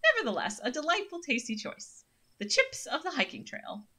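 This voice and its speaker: A woman's voice: sits high, huge pitch swings, normal speed, sharp tone, voice pushed up, heavily acted. A woman voicing a friendly, chatty young female hiker in a horror game.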